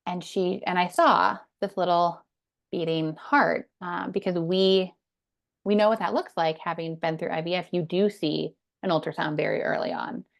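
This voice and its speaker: A woman's voice: lowish voice, steady tone, moderate pace, gravelly. A woman in her thirties, a podcast guest, telling her personal story in an earnest, emphatic way. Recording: dull lo-fi sound.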